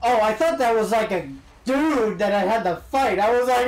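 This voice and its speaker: A man's voice: very high-pitched, expressive, normal speed, reverberant. A man streaming a video game, giving jokey, wisecracking casual commentary. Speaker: gaming streamer. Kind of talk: casual let's-play commentary.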